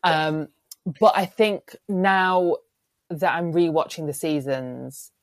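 A young woman co-hosting a podcast, speaking in a measured, thoughtful way with some hesitations. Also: low-pitched, dry recording. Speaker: podcast co-host. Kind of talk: casual chat.

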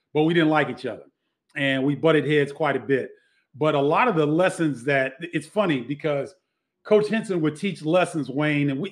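A middle-aged man, a former basketball player, telling stories in a casual interview with many restarts. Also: a little high.

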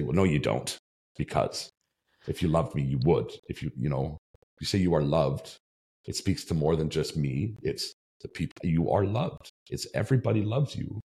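A man's voice: a bass voice, a little mellow. A male podcast host telling a story in casual chat, rambling and swearing freely, tagging his sentences with "right?". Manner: rambling, profane, tags lines with "right?".

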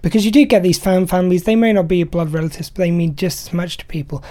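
A woman's voice: on the low side, fairly even intonation, quick pace, mellow. A woman hosting a radio show, chatting casually and enthusiastically about films. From Britain. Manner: chatty, enthusiastic, laughs easily. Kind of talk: casual film review chat.

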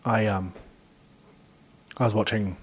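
A young Australian man hosting a podcast, chatting casually and rambling through animated stories. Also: fairly low pitch, takes it slowly, breathy edge. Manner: rambling storyteller, animated retellings. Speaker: podcast host. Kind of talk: casual chat.

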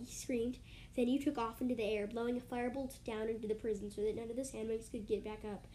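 Woman reading her own dragon fan story, kinda high voice, stumbles and fixes lines sometimes. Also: steady tone, brisk, mellow, a little hiss or hum. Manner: casual, restarts and corrects lines while reading.

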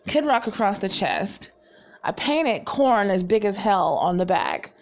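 A woman's voice: mid-range voice, lively intonation, measured pace. A woman from the Southern US with no regional accent, casually telling stories in a chatty, profane way and laughing often. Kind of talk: casual storytelling chat.

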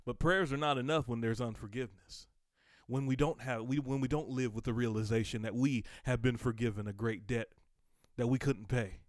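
Guy preaching a podcast sermon, fired up, repeats stuff, gets loud, dry close mic. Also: mid-range voice, fairly even intonation, a little fast, no room sound. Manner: fervent, swells to emphatic outbursts, repeats himself.

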